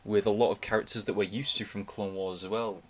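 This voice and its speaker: A young man with a lowish voice talks through a show he has just watched in loose, excited fan chatter. He keeps stopping and restarting his sentences as the thoughts come. A faint hiss sits under his voice. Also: fairly quick. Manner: rambling, restarts sentences, enthusiastic fan talk. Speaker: reaction video host. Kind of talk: casual reaction commentary.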